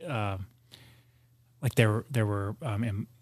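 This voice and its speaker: A man's voice: on the low side, slow, no echo. A man from the United States, a guest on a studio podcast, telling stories in casual chat with lots of restarts. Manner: rambling storyteller with many restarts.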